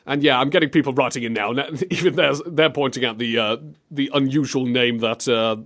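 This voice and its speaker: A man's voice: mid-range voice, brisk, a bit bright. A man hosting a comedy podcast, giddy and laughing often as he mocks game clips. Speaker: show host.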